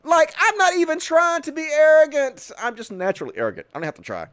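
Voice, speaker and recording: A sarcastic male host mocks his targets with plenty of swearing. His pitch runs high and swings wildly, and the recording is dry and close. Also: big pitch swings, fast, fairly bright tone, no room sound. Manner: sarcastic, mocking and profane. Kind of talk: political commentary show.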